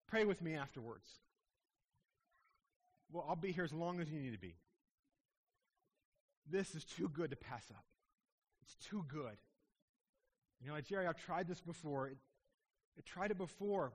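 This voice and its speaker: A man in his thirties preaching a sermon as a pastor in a church sanctuary, impassioned and then dropping to a hushed tone at tender moments. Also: high-pitched. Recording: long hall reverb.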